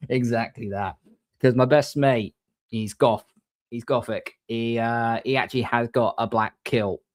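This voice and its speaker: A man hosting a casual livestream, reading viewer comments and giving shout-outs in a rambling, chatty way. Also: medium pitch, fairly even intonation, a little slow, no room sound. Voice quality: rambling, frequent restarts, mate-and-bro shout-outs. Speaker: livestream host.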